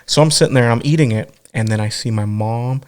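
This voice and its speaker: A man co-hosting a podcast, telling a story in a crude, animated way, acting out other people's voices and laughing often. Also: medium pitch, brisk, clear, resonant tone. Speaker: podcast co-host. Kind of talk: casual chat, storytelling.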